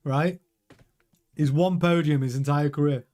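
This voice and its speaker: A man's voice: on the high side, unhurried. Chatty man hosting a live watch-along. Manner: chatty and excitable, answering viewers' chat. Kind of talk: casual live race commentary.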